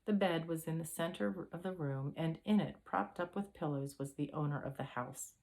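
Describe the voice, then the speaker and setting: A woman's voice: low-pitched, moderate pace, darkish tone. A woman reading a classic detective story aloud as narrator. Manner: reads aloud with occasional throat-clearing. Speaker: audiobook reader.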